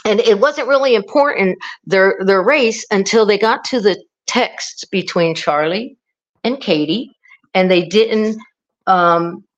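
A middle-aged woman, a podcast guest, telling a story in a rambling casual way, with many restarts and animated quotes. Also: medium pitch, takes it slowly, lo-fi sound.

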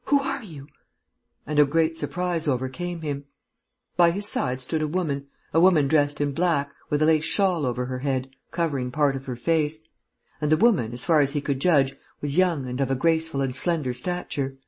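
An audiobook narrator reads classic prose in a steady, measured way, with a husky, breathy tone. The pitch sits in the middle range and the delivery stays even. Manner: steady, measured literary reading. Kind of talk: scripted narration.

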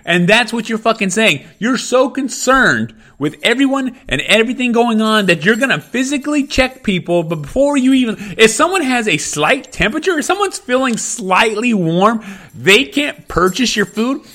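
A man ranting angrily and profanely as a podcast host, in a loud comedic tirade. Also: very high voice, sing-song, a little fast, few pauses. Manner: angry, profane, shouting rant.

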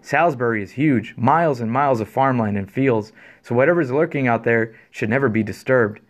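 A man's voice: medium pitch, brisk. A man co-hosting a podcast, reading a listener's scary story aloud and chatting with dry, laid-back remarks. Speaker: podcast co-host.

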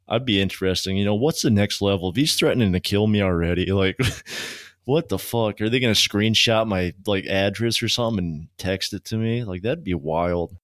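A man co-hosting a podcast, his voice sitting a little low. He tells a story in a casual, profane, rambling way. The sound is dry and close, with no room echo. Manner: laid-back, profane and chatty. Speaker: podcast host.

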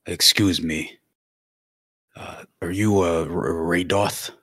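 A man voicing a big, shy male adventurer who speaks in a hesitant, stammering, polite way, with a husky voice. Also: deep voice, steady tone, slow pace, a bit bright, no echo, clean studio sound, full character voice. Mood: timid.

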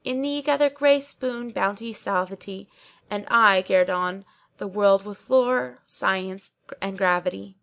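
Woman reading a hasty young man, loud, fed up, pleading. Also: mid-range voice, slow, creaky. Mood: courtly. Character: impatient exasperated young man.

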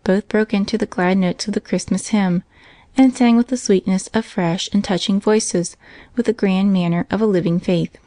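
Calm woman narrating a classic story. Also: medium pitch, no room sound. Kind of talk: scripted narration.

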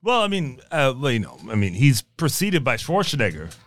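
A man's voice: mid-range voice, wildly swooping pitch, normal speed, no room sound. A man chatting casually as podcast co-host, rambling with fillers and joking. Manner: rambling, hesitant fillers, jokey put-on voices. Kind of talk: casual chat.

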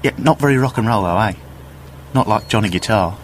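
A man's voice: lowish voice, brisk, a little hiss or hum, lightly acted. An actor playing a cheery man with a stage name and musical hopes, matey and evasive, in an audio drama. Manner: matey, breezy, dodging questions.

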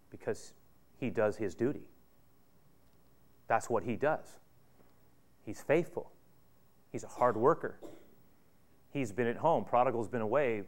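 A male pastor preaching a sermon, retelling a story in a conversational way with rhetorical questions. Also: medium pitch.

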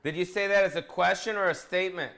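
A man's voice: sits high, quick pace, creaky, pushed and bright. A man hosting a casual comedic cooking vlog, bossy and profane, teasing his cameraman. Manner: crude, bossy, joking, profane.

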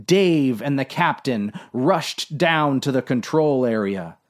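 Casting: deadpan male narrator, slow, lively pitch. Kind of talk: deadpan comic story reading.

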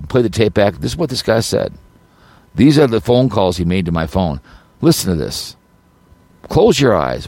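A man's voice: fairly low pitch, very animated, moderate pace, a little mellow, no room sound. A man hosting his own podcast, delivering an agitated, rambling rant full of repeats and stumbling restarts. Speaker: podcast host.

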